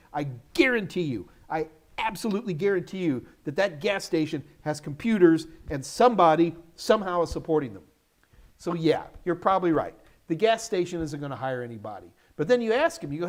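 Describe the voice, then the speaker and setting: A middle-aged man from the United States hosting a live Q&A, giving energetic, emphatic career advice in short repeated commands while sounding a little tired. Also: high-pitched, a little fast. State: yawny, tired. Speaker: host answering viewer questions.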